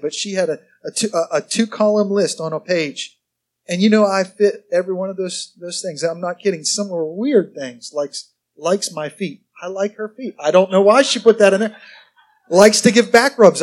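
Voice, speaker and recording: A man preaches a sermon in a high, bright-toned voice. He talks conversationally and with humor, often quizzing his congregation. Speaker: pastor.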